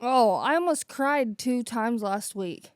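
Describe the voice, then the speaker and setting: A woman's voice: on the high side, slow pace, smooth, dry recording. A woman co-hosting a podcast in casual chat, easygoing and chatty, telling stories. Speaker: podcast co-host.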